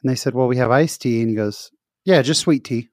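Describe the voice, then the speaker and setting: A man's voice: mid-range voice, a little fast, dry recording. Chatty man hosting, dry close sound. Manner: chatty, repeats words, acts out voices in anecdotes. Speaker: interview host. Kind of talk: casual interview chat.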